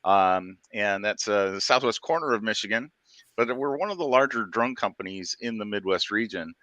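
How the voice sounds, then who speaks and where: A man answers interview questions in a measured, explanatory way, pausing on frequent ums. His voice is low-pitched yet bright and forceful, recorded dry and close. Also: animated, dry recording. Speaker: guest, drone regulatory affairs director.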